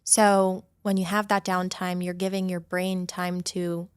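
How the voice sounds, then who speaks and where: A woman's voice: lowish voice, level tone, a little slow, smooth, no room sound. Young woman, esthetician, upbeat advice, casual podcast chat, dry recording. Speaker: esthetician and studio owner.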